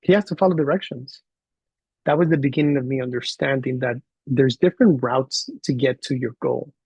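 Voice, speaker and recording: A man teaching a class, telling a story in an animated way and acting out the dialogue. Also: medium pitch, creaky, slightly rough, no room sound. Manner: animated, acts out quoted dialogue. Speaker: college instructor. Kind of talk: storytelling lecture to students.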